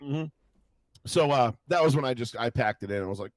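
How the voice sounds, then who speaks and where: A young man co-hosting a podcast, rambling through stories in casual chat, swearing a lot and acting out what people said in lively voices. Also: medium pitch, fairly quick, no room sound. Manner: rambling storytelling, heavy swearing, animated quoted voices. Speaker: podcast co-host.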